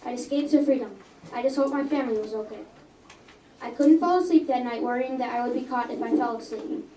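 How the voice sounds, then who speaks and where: A young girl reads her own story at a coffee house, earnest and fairly quick, occasionally stumbling and then fixing the words. Her voice is high and mellow. Recorded from a distance in an echoey space, there's faint ambience and slight background noise.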